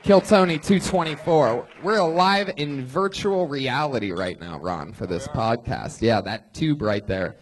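A man hosting a live comedy show, loud, excitable, crude and teasing. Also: medium pitch, unhurried, few pauses. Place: comedy club stage.

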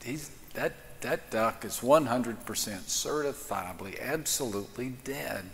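A man voicing a blunt, matter-of-fact male veterinarian, low and quiet, in a long church-hall reverb. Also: unhurried, vocal fry. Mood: deadpan. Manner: blunt, deadpan.

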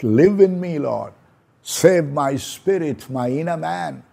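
Slow, gravelly male preacher. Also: fairly high pitch, expressive, warm tone. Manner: slow, prayerful preaching with repeated phrases. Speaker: pastor. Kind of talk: sermon.

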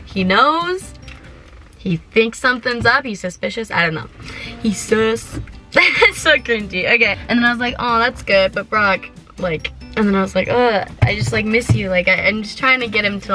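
Giggly, bright-voiced teenage girl. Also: mid-range voice. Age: teens. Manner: giggly, chatty, excitable, lots of likes. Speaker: vlogger. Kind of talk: casual vlog chat. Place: parked car. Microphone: handheld camera.

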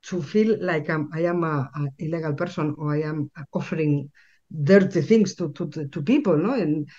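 A woman's voice: low voice, moderate pace, warm tone, muffled recording. A Spanish-accented woman whose first language is Spanish, telling a story as a guest in an interview and often repeating words as she searches for the English. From Spain.

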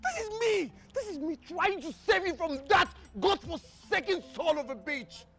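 An actress with a Nigerian accent in a film drama, shouting defiantly. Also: female voice, very high-pitched, sing-song, moderate pace, faint music behind, heavily acted.

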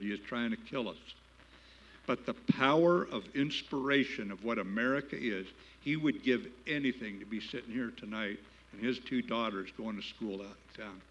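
A man's voice: medium pitch, normal speed, fairly bright tone, husky, lo-fi sound. An older man giving a keynote speech at a gala, telling a war story in a plain-spoken, folksy way and building to emphatic appeals. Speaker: keynote speaker. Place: gala banquet hall.

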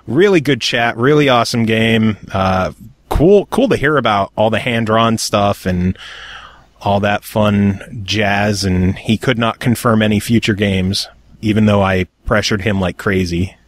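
A man's voice: lowish voice, unhurried, no room sound, studio quality. A man hosting a casual gaming podcast, joking and swearing freely as he talks. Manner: joking, profane, animated. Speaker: podcast host. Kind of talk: casual chat.

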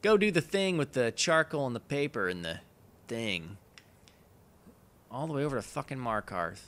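A young man with a hoarse voice from a cold, rambling and swearing casually through his video game commentary. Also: medium pitch, big pitch swings, normal speed, a bit bright. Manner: rambling, profane, laughs at himself. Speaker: let's play host.

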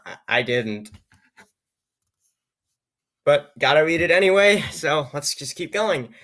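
A man reading an odd, computer-written story aloud, with low-key, wry remarks on the text and frequent stumbles over words. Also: lively intonation, slow, fairly bright tone. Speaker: YouTuber reading AI-generated stories. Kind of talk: comedic reading with asides.

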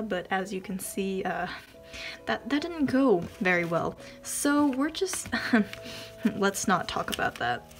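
A woman vlogger chatting casually as she unboxes a package, gushing and giggling, often dropping into soft whispers. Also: medium pitch.

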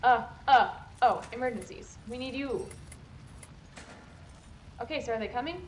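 A young woman streaming a video game live, chatting and reacting as she plays, flustered and excited at times. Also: fairly high pitch, moderate pace, a little hiss or hum, low-quality recording.

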